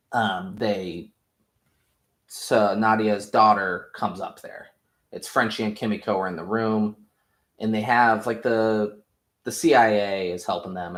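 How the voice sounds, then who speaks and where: A man casually recapping a TV episode, rambling, jokey and profane. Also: fairly low pitch. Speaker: podcast host. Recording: roomy echo.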